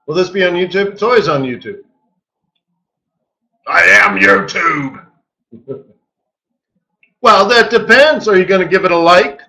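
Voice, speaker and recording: A man hosting a live trading webinar, walking through charts in an animated, joking way with lots of rhetorical questions. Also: sits high, a little fast, low-quality recording. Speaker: forex market strategist hosting a daily webinar.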